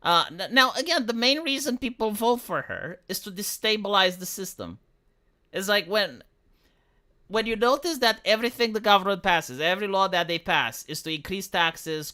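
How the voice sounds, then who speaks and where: A man's voice: high-pitched, pushed and bright. A man talking on a livestream in a rambling, profane, mocking rant.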